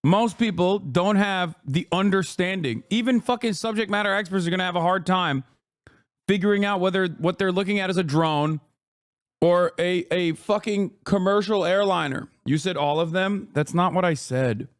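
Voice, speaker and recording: A man's voice: high voice, moderate pace. A man in his thirties giving sarcastic, combative stream commentary and swearing often.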